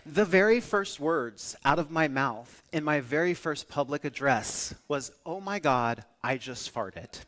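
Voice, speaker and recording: A man giving a keynote talk, telling stories with lively acted-out quotes. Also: on the high side, unhurried, few pauses. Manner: animated storytelling with acted-out quotes. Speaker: public speaker.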